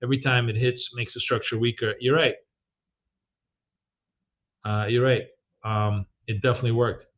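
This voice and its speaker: A man's voice: medium pitch, fairly even intonation, normal speed, pauses often, a bit bright, dull audio. A middle-aged man hosting a live trading stream, chatting casually and rambling with many ums and restarts.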